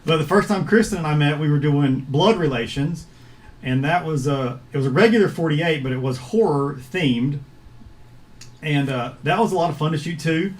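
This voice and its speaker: A man hosting a casual livestream chat over a video call, speaking in an easygoing, halting way with lots of filler words. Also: fairly high pitch. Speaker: host of a filmmakers' livestream.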